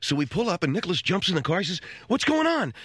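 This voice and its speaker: A man's voice: high-pitched, very fast, sharp tone, slightly rough, no echo. A middle-aged man hosting a radio talk show, telling rambling comic stories and acting out other people's voices along the way. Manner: rambling, wisecracking storyteller who acts out other people's voices.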